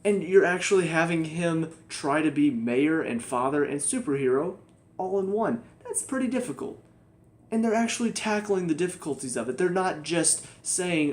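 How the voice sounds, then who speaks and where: A man's voice: a little high, animated, normal speed. A young man giving a casual spoken TV review, ranting in exasperation and mocking the characters. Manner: exasperated, ranting, mocks characters in quoted voices. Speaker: TV show reviewer.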